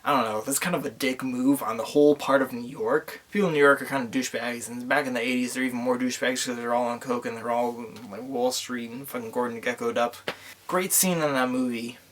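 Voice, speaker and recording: A man's voice: mid-range voice, steady tone, brisk, a bit bright. Rambling, tipsy young man. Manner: rambling, crude, loose and meandering. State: tipsy from drinking. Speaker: vlogger. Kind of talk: profane casual movie recap.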